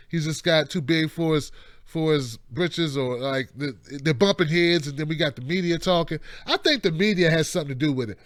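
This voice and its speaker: High-voiced, joking male talk-show host. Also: dry recording, clean studio sound. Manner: animated, joking, slangy. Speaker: host of a call-in news commentary show. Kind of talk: casual political commentary. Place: indoor home studio.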